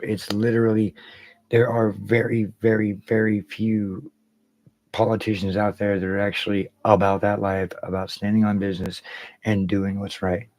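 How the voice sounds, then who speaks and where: A man's voice: fairly low pitch, darkish tone, dry recording, rough recording. A man hosting a casual livestream, rambling and swearing freely while greeting viewers by name. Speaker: livestream host.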